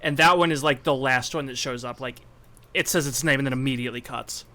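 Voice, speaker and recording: A man's voice: medium pitch, fast talker, sharp tone. A young man co-hosting a casual podcast, talking in rambling, self-interrupting bursts. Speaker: podcast co-host. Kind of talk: casual anime podcast chat.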